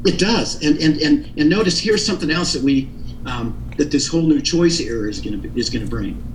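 A man's voice: a little high, expressive, a little fast, echoey room, distant mic, slight background noise, low-quality recording. A man being interviewed, explaining his ideas in an earnest, teaching tone with frequent restarts. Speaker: interview guest. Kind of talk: explanatory radio interview talk.

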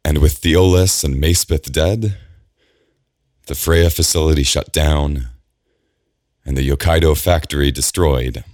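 A man's voice: very deep voice, fairly even intonation, darkish tone, no room sound, studio quality. A man voicing an anxious young male engineer who stammers and repeats words. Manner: halting and stammering.

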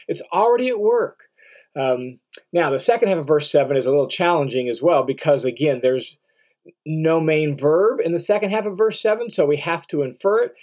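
A man's voice: fairly high pitch, a little mellow. A middle-aged man teaching through a Bible passage verse by verse, explaining word meanings and repeating key phrases, often checking in with "right?".

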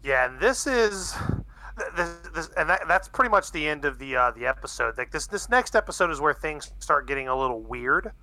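A man casually chatting on a podcast, excitable, swearing freely and using laid-back slang, sipping beer as he talks. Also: fairly high pitch, brisk. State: drinking beer while talking. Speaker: podcast co-host. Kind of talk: casual chat recapping an anime.

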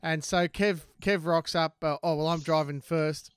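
A man's voice: fairly high pitch, steady tone, normal speed, smooth, no room sound. A man telling a story in casual banter, swearing freely.

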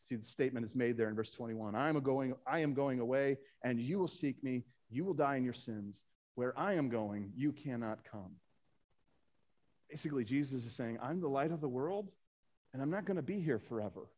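Delivering a Sunday sermon, a pastor with a medium-pitched, darkish voice speaks a little fast. He reads scripture aloud, lifting his voice for emphasis, and asks the congregation rhetorical questions.

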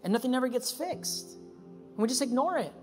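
A male pastor preaching a sermon, emphatic, rising to loud high peaks and then settling into calm, personal storytelling. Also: moderate pace. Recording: reverberant church hall with music.

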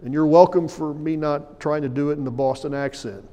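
A man's voice: a little high, fairly even intonation, a little fast. Man preaching in a reverberant hall. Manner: emphatic preaching with big swings from loud to hushed. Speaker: pastor. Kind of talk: sermon. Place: church sanctuary. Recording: long church hall reverb.

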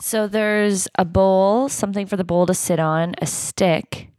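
A woman's voice: medium pitch, fairly even intonation, measured pace, a little mellow, dry recording, studio quality. A woman co-hosting a podcast in casual chat, playful and full of questions. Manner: playful, laughs often, asks lots of questions. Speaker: podcast co-host.

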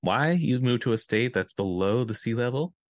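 A man co-hosting a casual podcast, playful and chatty, with rambling asides and loud laughter. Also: medium pitch, expressive, moderate pace, no room sound. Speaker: podcast co-host. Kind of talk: casual chat.

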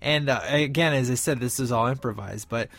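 A man's voice: mid-range voice, a little fast, a bit bright, no echo. A man casually recapping his favorite film scenes, enthusiastic and rambling with many fillers. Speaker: film reviewer.

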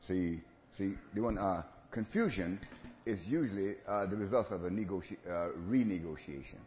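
A man preaches to his congregation with lively, swooping delivery, dropping to a near whisper and then climbing up again. The sound is roomy and a little dull, with faint room ambience behind him. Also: low-pitched, moderate pace, slight background noise. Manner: animated, swings from hushed to loud, playful asides. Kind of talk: call-and-response sermon.

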